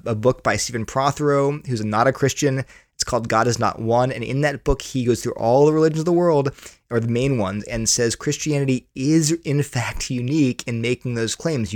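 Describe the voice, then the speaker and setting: A man's voice: mid-range voice, no echo, clean studio sound. A man answering interview questions about his book, earnest and explanatory, often repeating words as he thinks. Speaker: author and guest.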